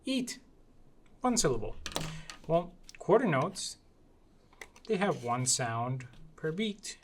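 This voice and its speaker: Woman, music teacher, slow and deliberate, playful, chanting rhythm syllables. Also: low-pitched, sing-song, slight background noise. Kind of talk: classroom music lesson demo.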